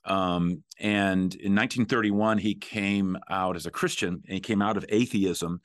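Middle-aged male podcast host, very low pitch, loose chatty delivery, dry close sound. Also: a little slow, no echo. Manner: relaxed, with frequent fillers and restarts. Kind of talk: conversational podcast talk.

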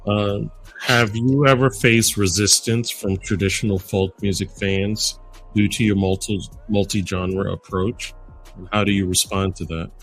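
Low-voiced male podcast host. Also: steady tone, husky, soft background music. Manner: measured, reads out listener questions. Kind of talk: interview questions.

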